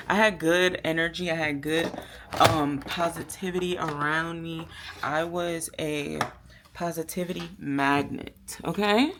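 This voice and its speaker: A woman's voice: sits low, fairly even intonation, measured pace. Chatty woman vlogging over background noise. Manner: chatty, gushing, filler-heavy. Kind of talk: casual solo vlog chat. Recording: noisy background ambience.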